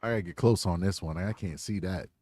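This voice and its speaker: A man's voice: low voice, fast, a little mellow, no room sound. A man hosting a true crime channel, commenting bluntly in slangy casual talk while reading posts aloud.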